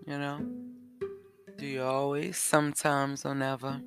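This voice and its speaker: A man hosting a self-help podcast, talking slowly and repeating questions to the listener. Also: medium pitch, level tone, music in the background. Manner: slow, repetitive, asks the listener questions. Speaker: podcast host. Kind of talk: reflective self-help talk.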